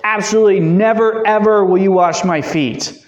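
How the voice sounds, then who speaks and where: A man's voice: sits high, sing-song, moderate pace, highs cut off, voice pushed up. A man voicing an impetuous apostle who protests in exclaimed outbursts. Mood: protesting, embarrassed. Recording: echoey room.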